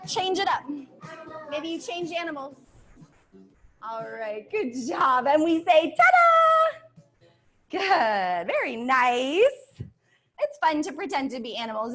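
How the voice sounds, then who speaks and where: A woman teaching a dance class for children, upbeat and coaxing, sometimes singing her cues. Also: sits high. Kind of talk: online kids' dance class instruction. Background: backing music.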